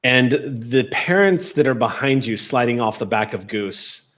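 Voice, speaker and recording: A man runs a tabletop game as its game master, painting each scene in vivid detail. His voice sits in the middle range and moves at an even, unhurried pace. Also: mid-range voice. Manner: descriptive, cinematic scene-setting.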